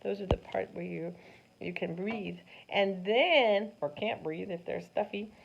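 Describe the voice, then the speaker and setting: A woman teaching a science lesson to children, animated and sing-song, often asking them questions. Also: medium pitch, a little slow, creaky. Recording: dull lo-fi sound with faint noise.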